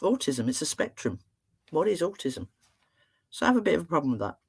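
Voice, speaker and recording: A middle-aged woman speaks as a therapist addressing an online audience. She tells stories in a chatty, humorous and expressive way, and her pitch swings widely and animatedly. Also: brisk, vocal fry, breathy edge. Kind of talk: storytelling talk to an online audience.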